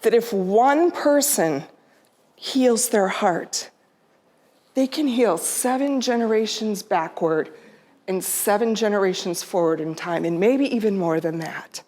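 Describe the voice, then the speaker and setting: A woman's voice: mid-range voice, lively intonation, slow, a little mellow. Heartfelt woman telling a family story. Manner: heartfelt, quotes her own and her mother's words in her own voice. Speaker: speaker. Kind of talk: storytelling talk to a live audience. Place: theater stage.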